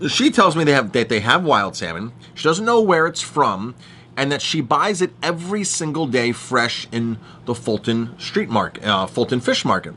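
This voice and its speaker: A middle-aged chef talks straight to the camera in a consumer warning about food fraud, ranting emphatically and repetitively. His mid-range voice is pushed and bright with big pitch swings at normal speed, over slight background noise.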